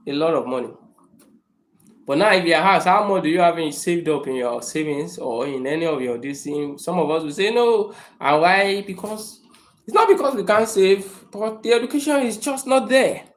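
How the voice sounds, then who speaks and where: A man's voice: sits high, roomy sound. A man hosting a motivational livestream, emphatic and repetitive, talking in a room. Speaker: livestream host. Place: room indoors.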